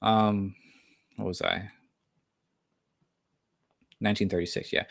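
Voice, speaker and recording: A man's voice: lowish voice, normal speed, no echo, clean studio sound. A man reading a book aloud on his podcast, who often breaks off to riff casually with fillers and tag questions, and who stumbles and restarts on hard words.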